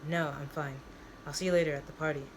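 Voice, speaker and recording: A woman reading the lines of a dazed, confused young man who makes hurried excuses. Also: low voice, steady tone, slight background noise, natural voice.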